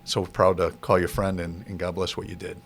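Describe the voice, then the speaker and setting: A man's voice: low voice, flat delivery, a little fast. A man hosting a podcast, giving heartfelt praise to his guest in a casual interview. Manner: warm praise, short reactions. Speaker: podcast host.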